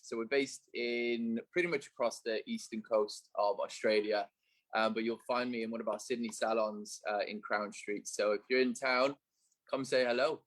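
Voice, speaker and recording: A man's voice: medium pitch, steady tone, moderate pace, low-quality recording. A man from Wales, a barber, chatting in a laid-back, matey way.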